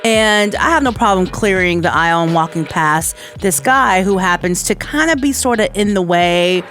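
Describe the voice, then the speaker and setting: A woman's voice: fairly low pitch, normal speed, fairly bright tone, soft background music. Conversational woman co-host. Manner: storytelling, conversational. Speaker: radio co-host. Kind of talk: casual radio chat.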